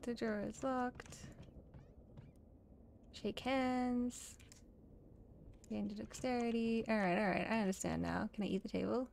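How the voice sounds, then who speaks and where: A woman's voice: fairly high pitch, steady tone, a little slow, creaky, long pauses, a little mellow, slight background noise. A woman playing a video game, reading its text aloud and joking along playfully. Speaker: let's play host. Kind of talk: casual game playthrough with read-aloud narration.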